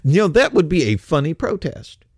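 Sarcastic older man with a lively voice. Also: on the high side, normal speed, breathy edge, no room sound, studio quality. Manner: sarcastic, mocking, repeats words. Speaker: host. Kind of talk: political commentary.

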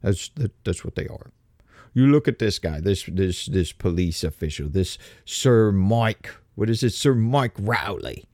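A man, from America, giving a casual commentary monologue, halting and restarting phrases as he goes. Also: lowish voice, expressive, a little mellow, dry recording, studio quality. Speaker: political commentator.

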